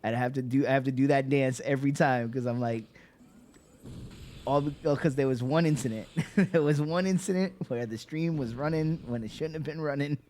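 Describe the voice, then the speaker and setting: A man's voice: medium pitch, normal speed, warm tone, slight background noise. A man streaming a game, chatting in a laid-back way and muttering at what is on screen. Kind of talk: casual chat while gaming.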